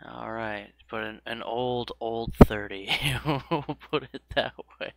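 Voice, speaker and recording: A man in his thirties chatting casually on a live game stream, self-mocking and quick to laugh. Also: medium pitch, steady tone, vocal fry, heavy background noise. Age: 30s.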